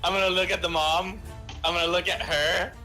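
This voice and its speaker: A man playing in a tabletop game, talking in a halting, nervous way. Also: high-pitched, little pitch movement, sharp tone, faint music behind. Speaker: player.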